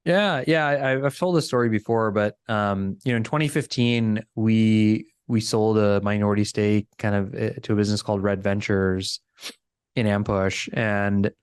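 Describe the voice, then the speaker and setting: A man talking as a guest on a business podcast, telling a story in a casual, animated way and acting out the people he quotes. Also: fairly low pitch, normal speed, clean tone, dry recording, studio quality.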